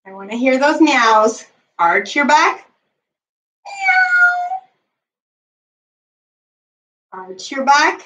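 Woman with a higher voice, slow-paced kids yoga teacher, counts poses patiently, mic set back. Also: lively intonation, a bit bright, reverberant, far from the mic, poor audio. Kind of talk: guiding a children's bedtime yoga class.

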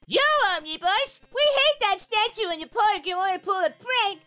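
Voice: extremely high pitch, lively intonation, moderate pace, pushed and bright, soft background music, heavily acted. A performer voicing Gohan, the hero's grown son, who makes dry, sarcastic corrections from the side.

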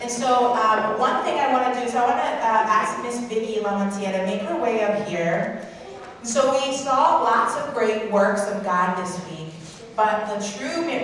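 A woman's voice: medium pitch, lively intonation, moderate pace. A woman addressing a church congregation from the stage, upbeat and speaking directly to the crowd. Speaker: church ministry leader. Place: large church sanctuary. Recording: echoey sanctuary, distant mic, crowd.

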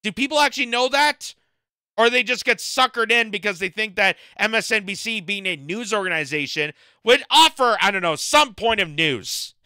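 Canadian-raised male commentary host, smooth and clear voice, sharp mocking delivery. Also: sits high, lively intonation, normal speed, few pauses, dry recording. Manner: mocking and exasperated, laughs at his own jokes. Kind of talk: opinion commentary on video.

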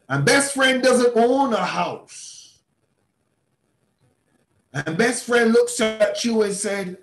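A man who is a bishop, mentoring a class in a preaching style. He is emphatic, repeats words and breaks into sudden shouts. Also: high voice, expressive, slow, long pauses, roomy sound. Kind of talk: motivational teaching talk in a preaching style.

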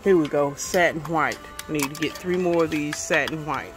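A woman with a Southern US accent chatting casually to her viewers in a DIY vlog, folksy and quick to get riled up. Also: low-pitched, music in the background. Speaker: DIY vlogger.

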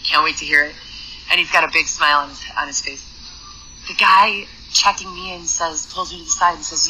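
Podcast host, woman; chatty, restart-heavy delivery, emphatic in spots, sharp bright timbre. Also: deep voice, fairly even intonation, normal speed, slight background noise, poor audio. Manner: chatty, rambling, frequent fillers and restarts. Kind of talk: casual storytelling monologue.

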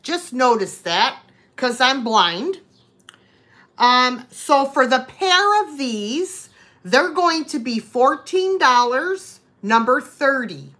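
A woman's voice: high-pitched, very animated, takes it slowly, bright, forceful tone. A woman hosting a live online vintage sale, chatting and greeting viewers by name as she shows each item. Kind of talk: live-stream sale chat.

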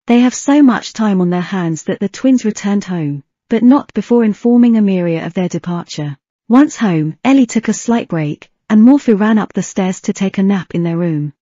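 Narrating a fantasy fan fiction audiobook, this woman keeps an even reading pace despite the occasional slip. She has a warm, mellow voice of medium pitch at a normal speed, miked closely in a dry space without echo, and the sound is a bit dull and lo-fi.

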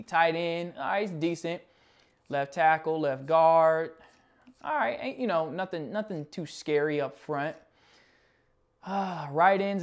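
A young man with a fairly high voice calls his football video game as he plays it. He mutters quietly through the rosters, then jumps to loud, excited play-by-play on big plays. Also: clear, resonant tone. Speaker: gaming channel host.

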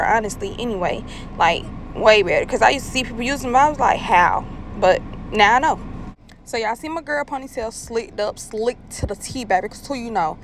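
A woman's voice: mid-range voice, a little hiss or hum. A young woman, chatting casually to viewers while she styles a client's hair. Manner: chatty, animated, frequently addresses viewers. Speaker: hairstylist vlogger. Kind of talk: casual tutorial chat.

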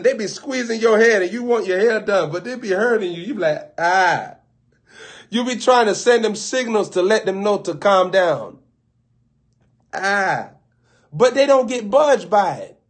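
A man preacher telling a comic, animated story, laughing often and acting out little scenes. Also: high-pitched, normal speed. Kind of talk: comedic storytelling riff.

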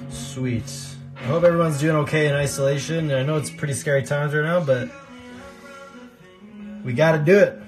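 A man hosts a casual cooking livestream at home, his voice sitting slightly high for a man. He chats in a loose, rambling way and often repeats himself. A song plays clearly in the background while he talks. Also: normal speed, pauses often. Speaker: livestream host. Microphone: phone livestream. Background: music playing.

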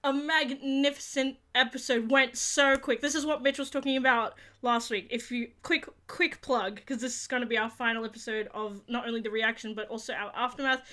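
A young woman with a high, bright voice chats casually through a review. She gushes and rambles, packs her sentences with fillers, and keeps breaking into squeals. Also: steady tone, a little fast, hardly any pauses. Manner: gushing, rambling, full of fillers; bursts into squeals and laughs. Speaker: YouTube reaction host.

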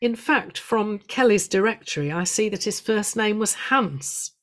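Her voice mid-range and animated, a woman delivers a prepared, illustrated talk for a local history society, recounting stories measuredly with a gentle sense of humour.

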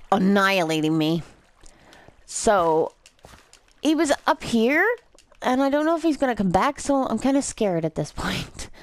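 A drunk woman giving rambling, foul-mouthed commentary while playing a video game, easily amused. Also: mid-range voice. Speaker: gameplay commentator. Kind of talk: rambling let's-play commentary.

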